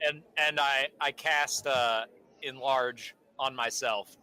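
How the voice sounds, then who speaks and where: A man's voice: mid-range voice, fairly even intonation, slow, background noise. A man playing a tabletop game, describing his character's actions in a hesitant, joking way. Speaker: player. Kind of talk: casual game chat.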